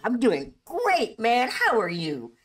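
A man's voice: extremely high pitch, huge pitch swings, takes it slowly, fairly bright tone, far from the mic, slight background noise, pitched above the performer's own voice, full character voice. A woman quoting a cheerful, laid-back male costumed impersonator who calls everyone "man". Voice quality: easygoing, drawls "man".

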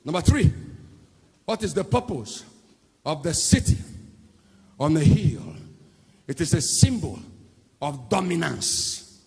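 A man with a Nigerian English accent preaching a sermon as pastor, shouting and chanting phrases with fervour in a large church auditorium. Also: on the high side, very animated, slow, creaky, long pauses, husky. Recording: echoey hall with music behind.

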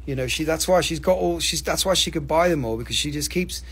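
High-voiced man hawking crystals live. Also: fast talker, a bit bright, breathy edge. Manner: joking, profane, rambling. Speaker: livestream crystal seller. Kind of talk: casual live-sale patter.

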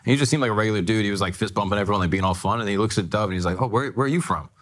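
A man's voice: fairly low pitch, fairly even intonation, rapid-fire, fairly bright tone. A man telling a story in casual podcast talk, rambling with many fillers.

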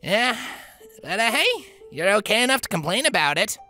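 A man's voice: high voice, big pitch swings, normal speed, sharp tone, soft background music, voice pushed up, full character voice. Male narrator doing a chipper young dragon boy, playful and teasing, raised voice, audiobook. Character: cheerful, easygoing young male dragon hatchling. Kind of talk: audiobook character voice.

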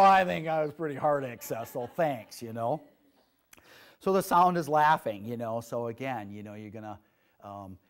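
A young adult man, an herbalist, lecturing a class in a casual, rambling way with many fillers and bursts of playful, high-pitched voices. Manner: animated, acts out giddy voices with high squeals.

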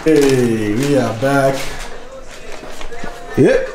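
A man's voice: mid-range voice, extremely slow. A man vlogging casually from a hotel room, rambling and laughing as he talks. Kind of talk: casual vlog chat. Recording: echoey room with faint noise.

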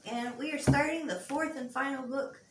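A woman co-leading a church group, speaking softly and leading a recited prayer from off mic. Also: sits high, fairly even intonation, normal speed. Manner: soft, brief affirmations. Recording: echoey room, off-mic, with hum.

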